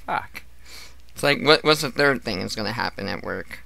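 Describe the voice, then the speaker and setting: A man's voice: medium pitch, expressive, normal speed, creaky, pushed and bright. A man streaming a casual chat, telling stories in a profane, ranting way and acting out the people in them. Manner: profane, ranting storyteller who acts out coworkers.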